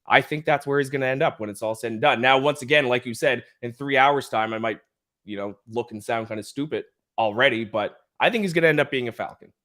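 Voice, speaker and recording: A man with a Canadian accent, hoarse from the flu, chatting casually as a podcast co-host. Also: mid-range voice, quick pace. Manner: chatty, self-deprecating, stammers when excited.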